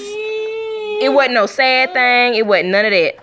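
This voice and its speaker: A woman casually telling a storytime vlog at home, acting out quotes with sudden pitch jumps and breaking off to talk to her young children. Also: very animated, takes it slowly. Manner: talks to her toddlers between story bits. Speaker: vlogger.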